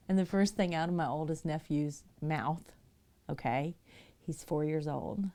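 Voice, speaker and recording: A woman's voice: deep voice, measured pace, mellow. A middle-aged woman casually telling stories to her livestream viewers, chatty and laughing often. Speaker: livestream painter.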